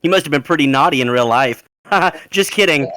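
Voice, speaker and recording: A man taking part in a tabletop game, talking loudly and with energy. The close mic gives a dry sound. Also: on the high side, moderate pace, smooth, no room sound. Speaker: player. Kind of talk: in-character tabletop play.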